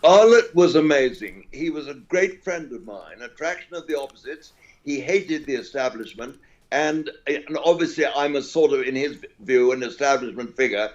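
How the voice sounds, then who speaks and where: An older man with an English accent, a cricket commentator telling rambling, chuckling anecdotes as an interview guest. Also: medium pitch. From England. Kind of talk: anecdotal storytelling. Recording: dull lo-fi audio.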